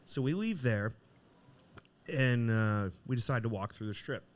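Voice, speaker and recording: A man's voice: medium pitch, measured pace. Man telling a story with animation. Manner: animated, acts out the voices in his story. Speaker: podcast co-host. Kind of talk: casual storytelling chat. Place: cigar shop.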